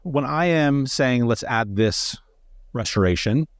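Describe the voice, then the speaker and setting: A man's voice: mid-range voice, expressive, slow, no room sound, studio quality. A man hosting a dental podcast, asking questions in a chatty, enthusiastic way. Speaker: podcast host. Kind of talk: casual podcast interview.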